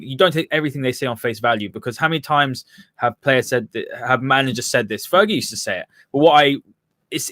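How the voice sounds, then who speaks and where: A man hosts a football chat show at a rapid clip, casual and chatty. His voice is mid-pitched and sounds dry, with no room echo. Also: a bit bright. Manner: quick, chatty, reads out viewer comments. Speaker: podcast host.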